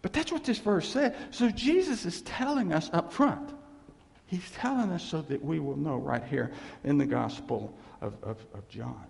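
Man, pastor, sermon, animated, fairly high voice, echoey hall. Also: moderate pace, gravelly. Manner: animated, laughing, acts out voices in quotes. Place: church.

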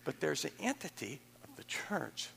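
A man preaching a sermon as pastor, animated and conversational, acting out quoted voices with chuckles. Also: on the high side, moderate pace, gravelly, slight background noise. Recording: echoey hall with long reverb.

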